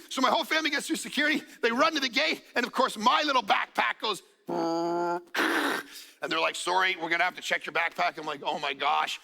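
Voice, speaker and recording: A man's voice: sits high, brisk, vocal fry. A man preaching as a pastor, telling a story and acting out what people said, with jokes along the way. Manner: animated, acts out quotes, jokes. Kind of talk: sermon with storytelling. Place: church auditorium. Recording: hall reverb from church stage.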